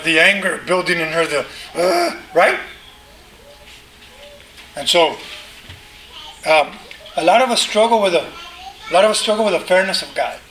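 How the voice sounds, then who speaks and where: A man preaching in a lively, conversational style, throwing rhetorical questions at the congregation. His voice is high and bright. The room echoes, and there is a faint background hum. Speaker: pastor. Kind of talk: sermon.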